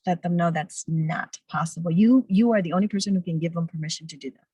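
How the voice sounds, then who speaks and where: A woman's voice: lowish voice, fast talker, warm tone, slightly rough, no echo, rough recording. A woman in her fifties, a guest speaker and nonprofit founder, giving earnest and encouraging interview answers over a video call. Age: 50s.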